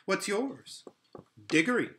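A man's voice: high-pitched, animated, takes it slowly, bright, forceful tone, a little hiss or hum, voice pushed up, full character voice. A man reading an audiobook, voicing a curious, frank young schoolgirl in a pert, inquisitive manner.

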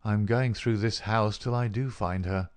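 A man's voice: lowish voice, fairly even intonation, measured pace, a little mellow, smooth, dry recording, close to an everyday voice. A man voicing a cool, commanding male detective in an audiobook, with clipped, firm speech. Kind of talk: audiobook character reading.

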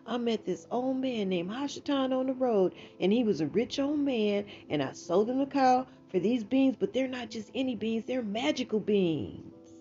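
A woman's voice: fairly high pitch, expressive, moderate pace, hardly any pauses, mellow, pitched above the performer's own voice, lightly acted. Eager young son, voiced by a woman. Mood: pleading. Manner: eager, pleading. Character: excited young son pleading with his mother. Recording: dull lo-fi sound, faint music.

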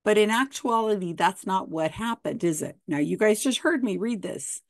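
A woman's voice: mid-range voice, lively intonation, moderate pace, no room sound, clean studio sound. A woman host, explaining a story in a casual way and reading passages aloud with quoted dialogue. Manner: chatty, reads passages with quoted dialogue, frequent restarts.

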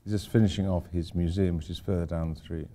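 A man's voice: deep voice, steady tone, fast, warm tone. An older man, an architect giving an informal lecture, rambling through anecdotes with wry asides.

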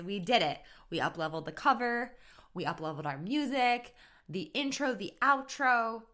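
Woman podcast host and coach, bright and bubbly, slangy and chatty. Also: a little high, animated, moderate pace. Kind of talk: casual solo podcast talk.

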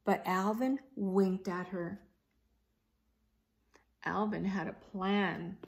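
A woman reading a children's picture book aloud as a teacher, expressive and pausing to ask her young listeners questions. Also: mid-range voice, vocal fry. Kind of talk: children's story read-aloud.

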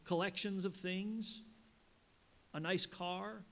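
A man preaching a sermon as a pastor in a church, reading scripture slowly and rising with emphasis. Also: high-pitched, steady tone, vocal fry, a bit bright. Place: church sanctuary.

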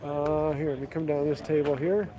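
This man's voice is a little high, with a flat delivery at normal speed. As a woodworking channel host, he chats casually while walking through an outdoor tool sale, listing tools and prices table by table amid the outdoor noise of a chattering crowd.

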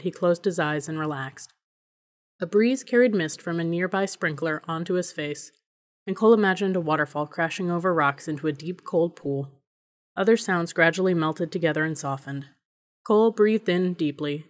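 A woman narrates a novel as an audiobook reader. Her voice sits on the low side, and she keeps a steady, even pace as she tells the story. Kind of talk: scripted narration.

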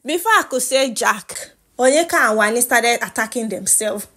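Animated Nigerian woman gossiping. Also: fairly high pitch, normal speed. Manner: animated, laughing, Pidgin asides. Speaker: reality show gossip vlogger. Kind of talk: casual gossip recap.

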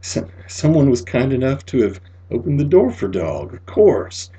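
Husky, breathy male story reader. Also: medium pitch, wildly swooping pitch, normal speed, rough recording. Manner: dramatic, swinging from near-whisper to loud. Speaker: audiobook reader. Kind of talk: dramatic story reading.

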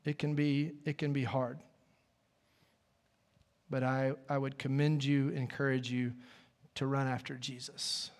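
A man's voice: medium pitch, little pitch movement, a little slow, long pauses. Man preaching with church reverb. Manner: conversational preaching, folksy asides. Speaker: pastor. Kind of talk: sermon. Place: church sanctuary.

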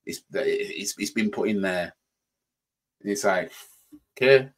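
A man with a Yorkshire accent gives casual commentary for his reaction channel. His voice sits on the low side, and he rambles, circling back over his words while he thinks. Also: slow pace.

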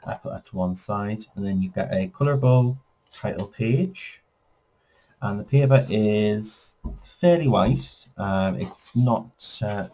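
Chatty man with a mellow low voice. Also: a little slow. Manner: chatty, with many fillers and self-corrections. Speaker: colouring book reviewer. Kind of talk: casual flip-through review.

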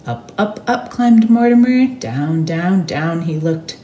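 A woman reading a picture book aloud to children at a church service, expressive and animated. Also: on the low side, slow pace, roomy sound, muffled recording, slight background noise. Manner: expressive, animated read-aloud with sound words.

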